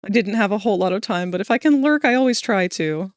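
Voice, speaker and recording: A young woman streaming live while drawing, chatting casually with her viewers, sleepy but breaking into animated, laughing bursts. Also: mid-range voice, quick pace, no echo, clean studio sound.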